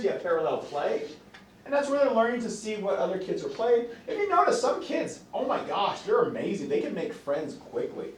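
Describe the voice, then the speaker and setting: A man giving a psychology lecture to a class, lively and expressive, often acting out voices of children and parents. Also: sits high, slight background noise. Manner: animated, acts out quoted voices. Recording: echoey classroom from a distance.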